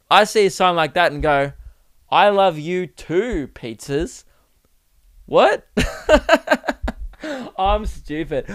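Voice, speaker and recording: A young man rambles through a comic rant, swearing freely and mocking himself. His voice sits fairly high and sounds smooth and crisp. The recording is dry and close. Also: fairly bright tone, no room sound. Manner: rambling, profane, self-mocking. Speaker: podcast host. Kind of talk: casual comedic monologue.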